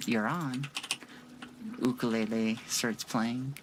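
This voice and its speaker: A man's voice: mid-range voice, fairly even intonation, normal speed. Playful man streaming a game. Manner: playful, jokey, talks to himself. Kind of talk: casual gameplay commentary. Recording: keyboard clicks and noise behind. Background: keyboard typing.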